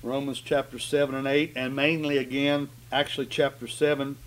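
A man's voice: medium pitch, flat delivery, normal speed, a bit bright. A man preaching a sermon, stressing and repeating key phrases and asking his listeners "right?". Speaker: pastor.

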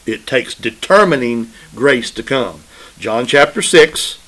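A man's voice: mid-range voice, animated, takes it slowly, fairly bright tone, low-quality recording. A man preaching a sermon, emphatic and repetitive, often asking his listeners "right?" in a call-and-response way. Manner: emphatic, repeats phrases for stress.

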